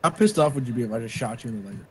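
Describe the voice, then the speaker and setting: A young man streaming a game with friends, excitable and swearing, laughing often. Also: medium pitch, rapid-fire, a little hiss or hum. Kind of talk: casual gaming chat.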